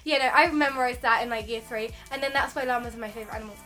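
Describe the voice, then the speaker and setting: A woman's voice: on the high side, racing, bright, forceful tone, faint music behind. A teenage girl, co-hosting a casual chat podcast and rambling in a chatty, giggly way. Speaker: co-host.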